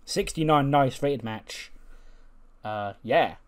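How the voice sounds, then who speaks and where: A man's voice: mid-range voice, takes it slowly. Rambling man narrating a game. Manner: rambling, heavy on fillers. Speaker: game commentator. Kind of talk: casual game commentary.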